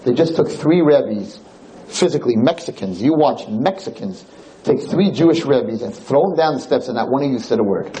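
A man's voice: mid-range voice, moderate pace, slight background noise, low-quality recording. A man, a rabbi, telling a story in a lecture and acting out the other people in it. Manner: animated storyteller, acts out quotes.

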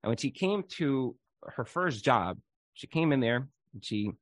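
He speaks in a mid-range voice without hurrying, and there's no echo. Teaching Torah casually, he tells animated stories packed with "like"s and dramatizes the people he's quoting.

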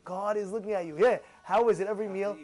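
A man teaching a Torah class, animated, acting out excited voices with gasps and rhetorical questions. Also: high-pitched, fast.

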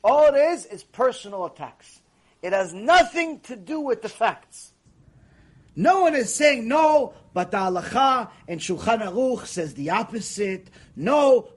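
A rabbi delivering a Torah lecture in a husky, high-pitched man's voice. He argues emphatically and piles up rhetorical questions, his pitch swinging widely. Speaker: rabbi teaching Torah ethics.

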